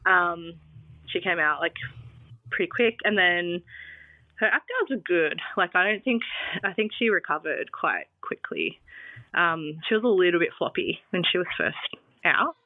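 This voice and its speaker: A woman's voice: lowish voice, big pitch swings, unhurried, no room sound. Woman, casual interview guest, chatty with many fillers, phone-like sound. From Australia. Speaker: guest sharing birth story.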